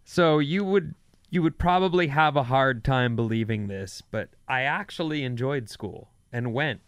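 A man's voice: unhurried, no echo, clean studio sound. A man hosting a radio show, telling stories in casual banter and jumping into other voices as he goes. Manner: animated storyteller, jumps in pitch for voices.

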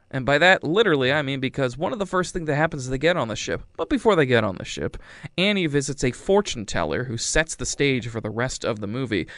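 A man's voice: mid-range voice, fairly bright tone, no echo. A man casually retelling a movie's plot, rambling and wry, acting out lines in silly voices. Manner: rambling, wry, acts out quotes. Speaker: movie reviewer. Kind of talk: casual chat.

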